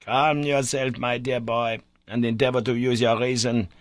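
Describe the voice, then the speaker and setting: A man's voice: mid-range voice, little pitch movement, moderate pace, no echo, close to an everyday voice. A man voicing a stern, learned older professor who lectures in a cold, decided tone. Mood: lecturing.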